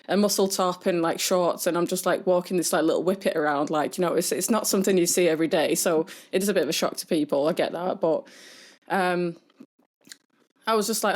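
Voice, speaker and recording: A young woman telling stories in a casual podcast chat, full of fillers and high-pitched mimicry. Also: a little fast. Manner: chatty storyteller with many fillers, mimics people in a high voice. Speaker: podcast co-host.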